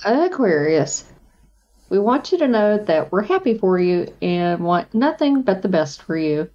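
A woman's voice: mid-range voice, sing-song, unhurried, a little mellow. A woman reading a scripted horoscope in a sarcastic, mock-sweet way. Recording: dull lo-fi sound.

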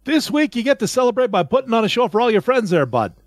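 A man's voice: very high voice, big pitch swings, fast talker, no room sound, clean studio sound, voice pushed up. A man doing a put-on North Dakota-style accent for a jokey comic horoscope reading, teasing and drawn out.

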